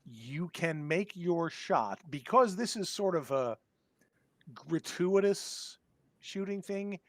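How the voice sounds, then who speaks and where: A man's voice: sits high, lively intonation, no echo. A man narrates a tabletop horror game as its game master. He sits right on a dry, close mic and stumbles through his descriptions with frequent ums and restarts. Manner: halting, lots of ums and restarts.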